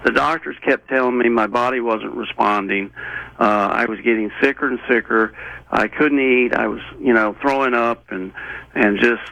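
A man as an interview guest, telling a personal story in an earnest, rambling way with many halting restarts. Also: mid-range voice, fairly even intonation, gravelly, pushed and bright, no room sound, dull audio.

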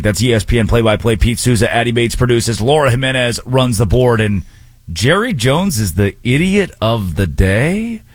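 A man's voice: medium pitch, no echo. A man hosting a sports talk radio show, giving betting picks and college football takes with a wry, sarcastic edge. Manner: wry, sarcastic, brisk delivery.

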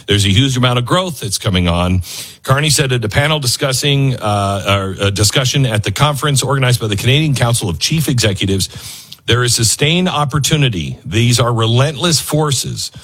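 Guy ranting sarcastically on his show, slightly husky, voice jumps up and down a lot. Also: medium pitch, lively intonation, a little fast, a bit bright. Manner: sarcastic, mocking, breaks into put-on voices and laughs. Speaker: show host. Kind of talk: casual political commentary.

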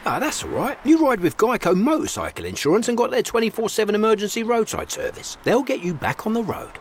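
A high, wildly swooping voice of a bouncy, upbeat radio ad character, acted by a man. Faint ambience sits behind him. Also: sing-song, fast, slight background noise. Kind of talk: radio ad acting.

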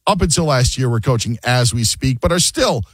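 A man hosts a sports talk radio show in a loose, joking way, slipping into quick impressions. His pitch swings widely as he talks. The studio sound is dry and close. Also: husky, no room sound. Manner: animated, jokey, acts out quotes.

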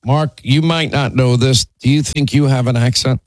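A man's voice: mid-range voice, fairly even intonation, normal speed, no echo, low-quality recording. A man hosting a call-in radio show, talking emphatically and often restarting his sentences. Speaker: radio talk show host.

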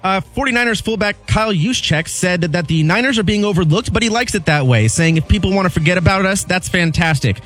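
A man's voice: sits high, expressive, brisk, hardly any pauses, a bit bright, faint music behind. A man co-hosting a sports radio show, reading news items and putting questions to the host.

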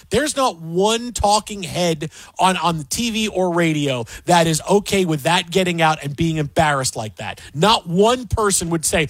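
Male sports radio host, heated and emphatic, high-pitched, dry studio sound. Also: lively intonation, normal speed, no echo. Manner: emphatic, ranting, mocking quotes.

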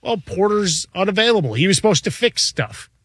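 Male radio co-host, teasing, high voice, dry studio mic. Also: animated, a little fast, fairly bright tone, breathy edge, no room sound. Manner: teasing, argumentative. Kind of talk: sports talk radio.

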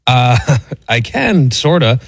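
A man's voice: medium pitch, big pitch swings, takes it slowly, creaky, dry recording. A man, a regular on a sports talk show, casually reading out a menu with an easygoing manner. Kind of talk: casual studio banter. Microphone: studio mic.

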